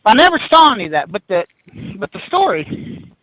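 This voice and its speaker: A man in his fifties, a podcast guest, telling a spooky story in an animated, excitable way, restarting sentences and laughing as he goes. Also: high voice, a little fast, no echo, poor audio. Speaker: guest paranormal investigator.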